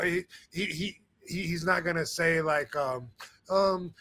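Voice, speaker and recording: A man's voice: a little high, slow, sharp tone. A man hosting a podcast in casual chat, rambling with many fillers and restarts. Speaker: podcast host.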